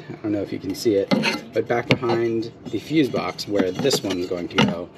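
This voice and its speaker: A man's voice: lowish voice, very noisy. Laid-back man explaining a truck install. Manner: relaxed, explains step by step with fillers. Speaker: vlog co-host working on truck. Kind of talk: casual how-to explanation. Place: home driveway, outdoors.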